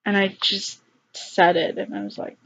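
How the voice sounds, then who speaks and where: A woman's voice: mid-range voice, little pitch movement, vocal fry. Subdued young woman telling a personal story. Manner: halting, subdued, many fillers like "like" and "um". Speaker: vlogger. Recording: slightly dull lo-fi recording.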